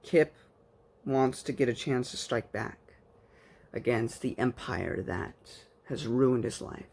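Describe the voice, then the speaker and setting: A man's voice: mid-range voice, slow pace, gravelly, a little mellow, slight background noise. A man giving a casual spoken book review, rambling like an enthusiastic fan with plenty of fillers.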